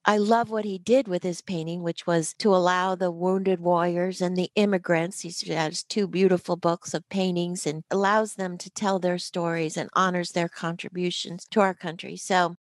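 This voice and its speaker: A woman's voice: lowish voice, fairly even intonation, moderate pace, hardly any pauses, no room sound. An older woman co-hosting a podcast, telling stories in a casual, enthusiastic chat. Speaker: podcast co-host.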